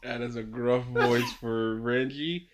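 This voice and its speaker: A man's voice: mid-range voice, fairly even intonation, slow, noisy background. A man co-hosting a live reaction stream, making dry, sardonic remarks. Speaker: co-host reacting. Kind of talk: casual live reaction chat.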